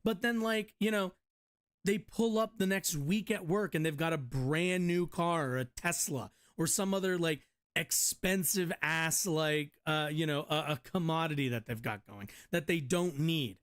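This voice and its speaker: A man's voice: on the high side, a little slow, a bit bright. A man streaming casual commentary, rambling and profane, often restarting his sentences. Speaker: streamer reading and reacting to news.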